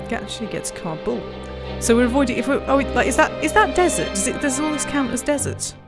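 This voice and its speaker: A woman with a slightly high voice hosting a let's play. She chats casually and reads the game text aloud with playful emphasis. She giggles often between lines. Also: animated, quick pace, over music. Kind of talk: casual gameplay chat and reading aloud.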